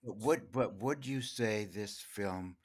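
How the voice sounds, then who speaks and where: A man's voice: on the low side, takes it slowly. A man co-hosting a podcast, analyzing a classic film and putting probing questions to his co-host. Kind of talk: casual film discussion.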